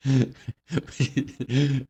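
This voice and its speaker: A man's voice: mid-range voice, little pitch movement, very slow, warm tone. A man co-hosting a podcast in casual chat, laid-back, swearing freely and laughing often. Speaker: podcast co-host.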